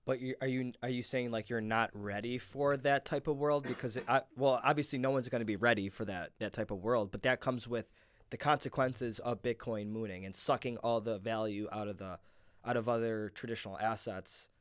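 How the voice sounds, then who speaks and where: A man with a smooth, clear voice at a middle pitch, asking probing questions in a relaxed podcast chat. The sound is dry and close. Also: brisk, no room sound. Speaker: podcast co-host.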